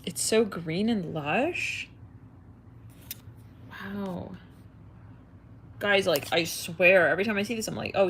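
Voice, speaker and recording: A woman's voice: mid-range voice, creaky, a bit bright, a little hiss or hum. A woman hosting an astrology live stream, chatting in a rambling, giggly way with her viewers.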